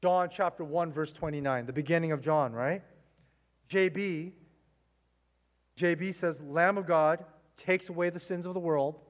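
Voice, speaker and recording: A man's voice: a little high, measured pace, long pauses, in a large hall. A male pastor preaching a sermon, emphatic and repeating phrases, with rhetorical questions to the congregation. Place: church sanctuary. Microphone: mic.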